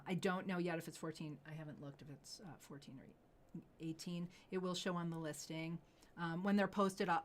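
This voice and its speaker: Gushing, excitable woman jewelry seller. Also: low-pitched, slight background noise. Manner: gushing and excitable, gasps and drops to whispers. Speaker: jewelry seller hosting a live show. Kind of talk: live sales show.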